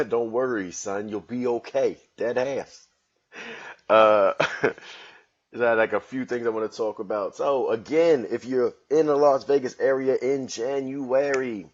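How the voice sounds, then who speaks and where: At home on his own comedy podcast, a man with a medium-pitched voice jokes around in loose, slangy street talk. It's a casual solo monologue, and the recording has its highs cut off.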